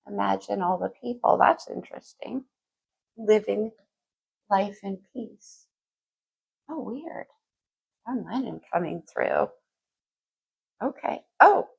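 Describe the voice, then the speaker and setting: Husky gravelly lady doing a casual tarot reading, chatty, thinking out loud. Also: medium pitch, animated, takes it slowly, long pauses, poor audio. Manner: chatty, thinks aloud, sings lyrics softly. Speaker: tarot reader.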